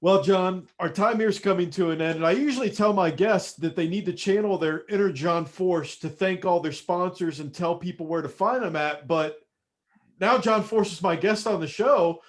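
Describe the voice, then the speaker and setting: A man's voice: sits high, normal speed. Casual podcast host man. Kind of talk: podcast interview.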